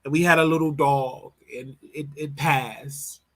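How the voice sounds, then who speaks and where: A man from Chicago hosting a show, giving animated, opinionated commentary on celebrity gossip and often repeating and restarting his words. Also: a little high, measured pace. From Chicago, United States. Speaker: show host.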